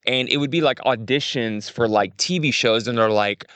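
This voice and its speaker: A young adult man, chatting casually as a podcast guest, animated and acting out quotes with big pitch jumps. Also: moderate pace, clear, resonant tone, no room sound. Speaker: creative director, guest.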